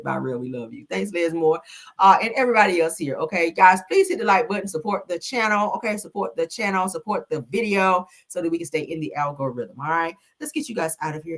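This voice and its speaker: A woman hosting a casual gossip live stream, sassy and animated with lots of call-outs to chat. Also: fairly low pitch.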